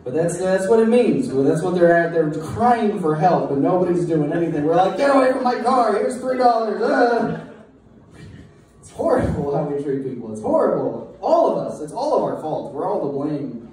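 A young man doing a halting, self-deprecating stand-up set in a bar taproom. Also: on the high side, expressive, dark tone. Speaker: stand-up comedian. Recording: echoey distant room mic with crowd noise.

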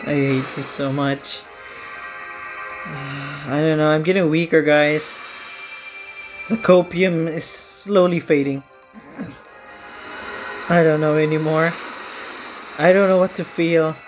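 Slow-talking woman with music behind. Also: level tone. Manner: melodramatic, self-pitying, with sudden shrill outbursts. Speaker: gaming channel host. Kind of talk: casual commentary on game summons.

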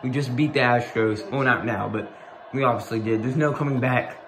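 A young man reacting live as a sports fan, stammering and repeating himself, saying he can't even talk. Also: medium pitch, moderate pace, a crowd in the background. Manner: breathless, stammering, repeats "bro" and "oh my gosh".

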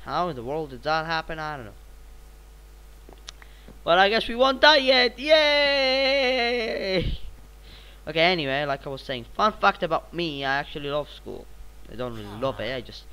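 A teenage boy, sounding a little sick, narrating his gameplay in a rambling, excitable way with sudden bursts of repeated exclamations. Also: mid-range voice, brisk, poor audio. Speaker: gaming channel host. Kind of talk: gameplay commentary.

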